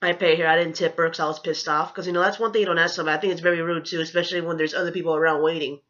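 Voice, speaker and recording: A woman's voice: deep voice, fairly even intonation, very fast, fairly bright tone, dull audio. A woman telling a storytime rant as a vlogger, rambling, profane and indignant, with lots of "you know" fillers.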